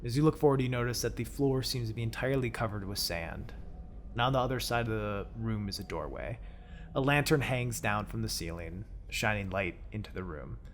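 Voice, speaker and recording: A man narrating as game master of a tabletop role-playing game, describing scenes in a relaxed way. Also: lowish voice, a little fast, slight background noise. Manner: relaxed, laughs often while describing scenes.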